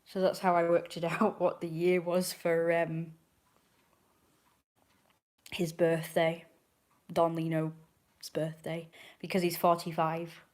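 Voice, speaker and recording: A woman's voice: fairly low pitch, monotone, slow pace, long pauses, darkish tone. A woman chatting on a livestream, rambling and correcting herself as she goes. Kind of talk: casual livestream chat.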